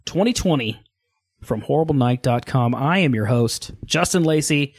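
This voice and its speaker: A man's voice: a little high, normal speed, no room sound, clean studio sound. A man hosting a casual podcast, joking and laughing often as he chats with his co-hosts. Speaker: podcast host. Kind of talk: casual chat.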